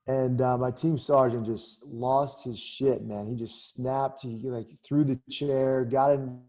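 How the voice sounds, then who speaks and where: Middle-aged guy, warm low-key voice, chatty and candid, lots of "you know, man". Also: steady tone, slow. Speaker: guest, former Army captain. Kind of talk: casual storytelling interview.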